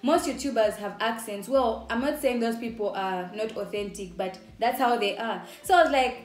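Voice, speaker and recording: A woman's voice: on the high side, moderate pace, few pauses. A young woman with a Zambian accent, chatting upbeat to camera in a casual vlog and laughing often. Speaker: YouTuber. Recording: echoey room with faint music.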